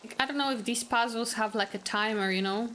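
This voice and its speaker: Brief: woman streamer, casual let's-play chatter, bright, slightly high voice. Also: fairly quick, a little hiss or hum. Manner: chatty, joking, laughs often. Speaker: gaming streamer.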